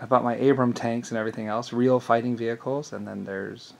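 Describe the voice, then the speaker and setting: A man's voice: mid-range voice, flat delivery, fairly quick, gravelly, a little mellow. A man delivering an angry, rambling vlog monologue, swearing and repeating words as he stumbles. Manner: profane, indignant, repeats words when stumbling. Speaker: vlogger.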